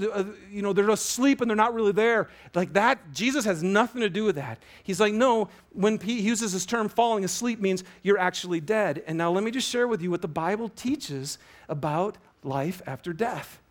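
High-voiced man preaching with passion. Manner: animated preaching, swinging from loud emphasis to hushed, drawn-out words. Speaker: pastor. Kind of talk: sermon. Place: church auditorium with a congregation.

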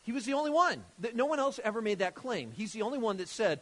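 A man preaching a sermon, emphatic and animated, often restarting his phrases. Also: extremely high pitch, fast talker. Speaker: pastor.

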